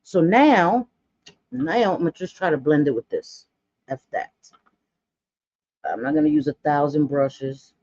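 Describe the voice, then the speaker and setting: A woman's voice: low-pitched, measured pace, pauses often, darkish tone, no room sound, dull audio. A woman in her forties chatting bluntly through a makeup tutorial, gossipy and full of dramatic asides. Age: 40s. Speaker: makeup vlogger.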